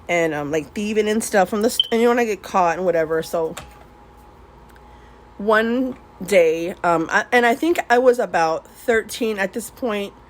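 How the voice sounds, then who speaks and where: A woman's voice: medium pitch, moderate pace. Woman rambling thru stories while she paints, laughs a lot, cusses, tosses in spanish words, faint hiss behind. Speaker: vlogger. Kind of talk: casual storytelling while swatching paints.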